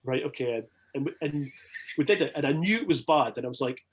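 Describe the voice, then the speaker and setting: A young Scottish man telling a long rambling story as a podcast guest, animated and swearing freely. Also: medium pitch, fast talker, husky. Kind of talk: casual storytelling.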